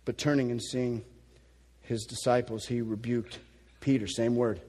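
A man preaching a sermon, shifting from quiet, measured stretches to loud, forceful bursts as he acts out quotes. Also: mid-range voice, steady tone. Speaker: pastor.

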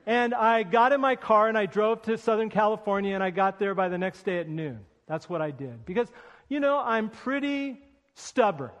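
Speaking at a moderate pace, a male pastor with a high voice shares a self-deprecating personal anecdote in his sermon, and a large hall gives his voice a long, ringing reverb.

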